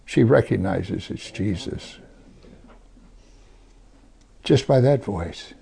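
A man preaching a sermon, reading scripture aloud and talking to his congregation with earnest emphasis, sometimes dropping to a hush. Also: lowish voice, expressive, takes it slowly, creaky. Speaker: pastor.

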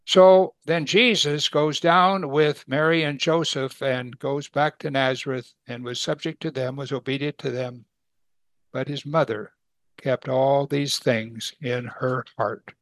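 A man's voice: mid-range voice, fairly even intonation, unhurried, fairly bright tone, no echo. Folksy man teaching from the Bible. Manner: folksy, chuckles, acts out voices.

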